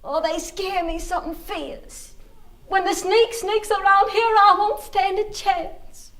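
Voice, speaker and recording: A woman's voice: extremely high pitch, fairly even intonation, slow pace, a bit bright, exaggerated voice. A woman playing a lonely little girl lost in the woods, talking to herself in a childish, rambling way and singing a spooky song in a stage monologue. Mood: fretful.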